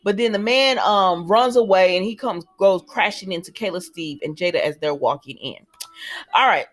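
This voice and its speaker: A woman's voice: lowish voice, normal speed. A woman giving a casual, chatty recap of a soap opera episode. She keeps retelling the characters' lines in her own words. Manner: chatty retelling that slips into quoted dialogue, many fillers.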